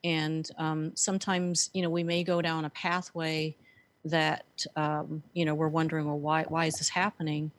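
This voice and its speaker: A woman's voice: deep voice, little pitch movement, normal speed. A woman telling her story earnestly as a guest, with frequent fillers. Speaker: guest, author and speaker. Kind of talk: conversational interview.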